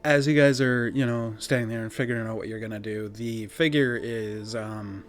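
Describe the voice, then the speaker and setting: A man running a tabletop game as game master, narrating scenes in a relaxed, descriptive way with casual fillers. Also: medium pitch, moderate pace, faint music behind.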